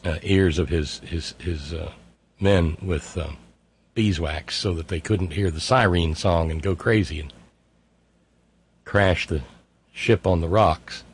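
Sardonic gravelly man hosting a radio show. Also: low-pitched, slow pace, long pauses. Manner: sardonic, reads listener messages in mocking voices. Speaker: radio talk show host. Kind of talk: call-in radio commentary.

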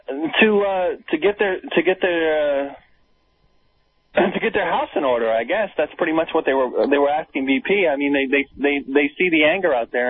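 A man's voice: on the high side, breathy edge. A man co-hosting a casual political talk radio chat, sardonic and conspiratorial. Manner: sardonic, conspiratorial, talks over his cohost. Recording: tinny phone-line sound.

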